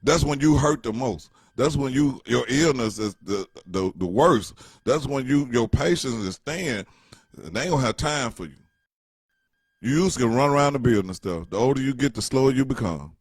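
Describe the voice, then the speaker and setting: A man's voice: medium pitch, animated, moderate pace, husky, no echo, clean studio sound. A middle-aged man telling a rambling, joking story in casual slang. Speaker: vlogger.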